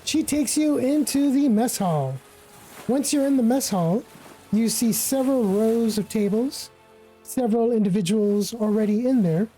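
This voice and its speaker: A woman narrating as game master of a tabletop game, relaxed and full of casual fillers. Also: a little high, a little slow, faint music behind, rough recording. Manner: relaxed, with many fillers like "kinda" and "like".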